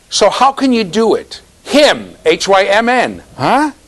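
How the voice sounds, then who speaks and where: A man's voice: high-pitched, fairly bright tone, poor audio. A man giving a university classroom lecture, teasing students and checking in with "right?".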